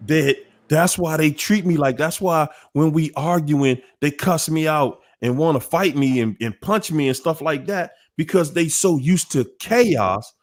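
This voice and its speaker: A man's voice: a little high, a little slow, few pauses. A man hosting a live question-and-answer talk, speaking emphatically and acting out other people's words. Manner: animated, emphatic, quotes people in voices. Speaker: host.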